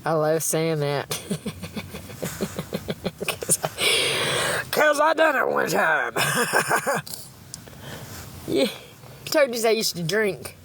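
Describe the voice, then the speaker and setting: A woman's voice: on the low side, sing-song, very slow, pauses often, a bit bright, a little hiss or hum. A middle-aged woman rambling on a livestream, blunt and profane, laughing often and talking about God.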